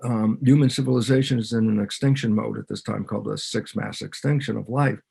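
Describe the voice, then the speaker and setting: Gravelly, husky man explaining animatedly. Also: lowish voice, brisk. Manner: animated, acts out both sides of dialogues. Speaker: podcast guest, biologist. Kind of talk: conversational interview explanation.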